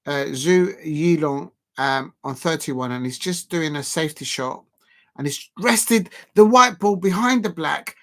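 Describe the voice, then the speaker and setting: Chatty live-stream host, higher-pitched man. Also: a bit bright. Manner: chatty and rambling, self-deprecating, with frequent filler pauses. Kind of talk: casual live snooker commentary.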